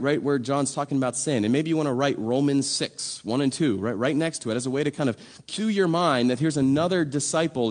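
A man's voice: medium pitch, darkish tone. A man preaching a sermon in a conversational, emphatic way, full of rhetorical questions. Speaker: pastor.

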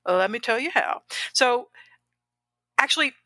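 A woman co-hosting a podcast on grant work, talking in an animated, rambling way and correcting herself as she goes. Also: fairly high pitch, unhurried, no room sound. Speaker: podcast co-host, grant professional. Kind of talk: casual podcast chat.

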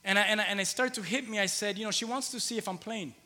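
A man's voice: high voice, fast, sharp tone, in a large hall. A man in his thirties preaching a conversational sermon in a church, repeating phrases for emphasis. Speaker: pastor. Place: church hall with long reverb.

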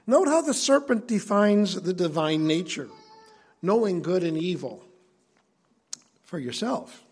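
A man's voice: sits high, sing-song, measured pace, pauses often, a little mellow, slightly rough. A male preacher giving an earnest sermon that explains scripture in a conversational way.

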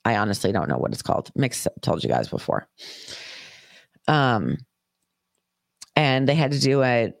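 A woman's voice: very deep voice, creaky, no echo, studio quality. A woman podcast host telling a personal story in a casual, swearing, chatty way. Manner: profane, chatty, acts out quoted voices.

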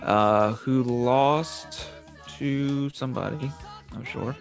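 A man hosting a casual sports chat, reading out matchups and point spreads in a relaxed way with filler ums. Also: mid-range voice, slow pace, gravelly, soft background music. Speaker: podcast host running weekly football picks.

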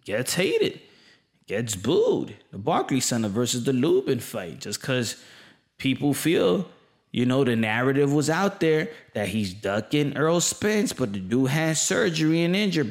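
A man giving an opinionated monologue, emphatic and passionate, repeating his points in casual slang. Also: medium pitch. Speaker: boxing commentator. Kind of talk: opinionated boxing commentary monologue.

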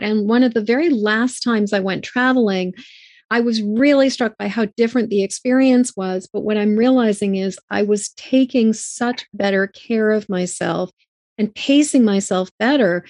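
A woman's voice: mid-range voice, moderate pace, darkish tone, dry recording, studio quality. A woman hosting a casual conversation, chatty and telling stories. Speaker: podcast host.

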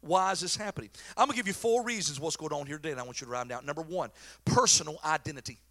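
Animated, bright-voiced preacher man. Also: fairly high pitch, racing. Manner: folksy, joking, animated storyteller. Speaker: pastor. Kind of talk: sermon.

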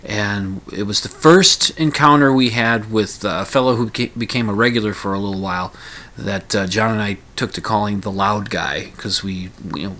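A man's voice: lowish voice, normal speed, sharp tone. A middle-aged man rambling through a casual personal monologue, full of fillers, restarts and dry humor.

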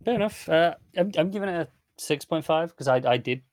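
Male co-host, measured and fair-minded, dry close mic. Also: fairly high pitch, no echo. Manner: measured, even-handed, with hesitant restarts. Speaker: podcast co-host. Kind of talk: casual comic review chat.

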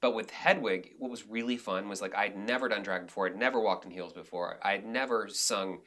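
A man, a director and actor, talking casually in an interview and telling animated stories from the theater with many restarts. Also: lowish voice, a little fast. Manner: animated, acts out quotes, frequent restarts.

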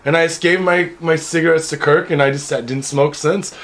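Podcast co-host, man in his thirties, fairly high voice, casual and profane storyteller. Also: fairly even intonation, brisk. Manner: loose, profane storytelling with laughs. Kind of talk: casual chat.

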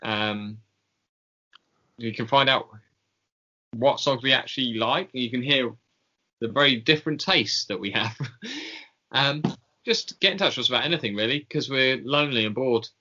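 A man wrapping up a casual podcast episode, loose and rambling with plenty of fillers. His voice is bright and pushed forward. The recording is a little dull. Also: mid-range voice, normal speed, long pauses. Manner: rambling, filler-heavy, laughing at himself. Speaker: podcast co-host.

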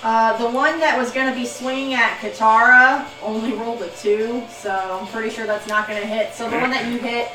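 Woman game master, casual rambling narration, slightly high voice, distant mic, roomy echo, music bed. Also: fairly even intonation, a little fast, few pauses, sharp tone. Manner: casual, loose narration with frequent ums. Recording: echoey room, off-mic, music behind.

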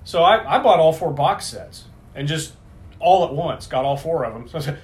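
A middle-aged man talking casually over beers, his voice rising and falling with lively swings in pitch. He wanders through his thoughts, corrects himself mid-sentence, and swears freely. His voice sits a touch higher than most men's. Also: moderate pace. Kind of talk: casual chat.

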